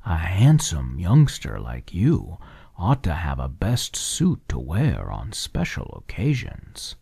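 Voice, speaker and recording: A man voicing a sly, jolly male frog tailor with a deep voice in a whispered role-play, coaxing and drawn out. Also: huge pitch swings, takes it slowly, creaky, dark tone, breathy edge, dry recording, studio quality, heavily acted.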